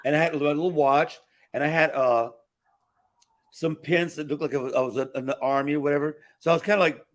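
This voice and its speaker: A man in his sixties tells winding stories as a guest on a live talk show, his voice sitting a little high for a man. He rambles and restarts often, filling gaps with "like" and "uh" as he acts out what other people said. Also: steady tone, a little fast. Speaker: guest performer. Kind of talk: anecdotal storytelling in a talk show interview.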